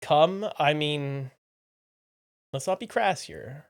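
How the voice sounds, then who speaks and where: A streamer in casual live chat with viewers, playful and teasing, repeating phrases and swinging from mumbled asides to loud exclamations. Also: medium pitch, lively intonation, slow pace, gravelly, long pauses. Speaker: livestreamer.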